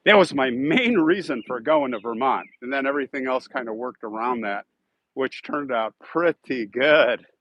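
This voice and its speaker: A man's voice: medium pitch, animated, moderate pace, fairly bright tone, no echo, highs cut off. A man with a Chicago accent, chatting casually and rambling with viewers on a live stream. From Chicago, United States. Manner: rambling and chatty, thanks donors. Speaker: YouTube host on a live stream.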